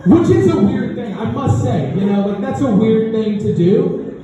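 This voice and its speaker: A young man does a stand-up set in a club, telling a story conversationally with lots of filler words. His voice is high-pitched and warm, captured in a dull, echoey, far-off club recording.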